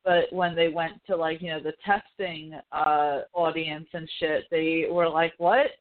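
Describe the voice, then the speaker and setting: A podcast host with a medium-pitched, fairly flat voice talks about films at an unhurried pace. It's casual pop-culture chat, rambling, full of fillers and frequent swearing, recorded with narrow, phone-like sound.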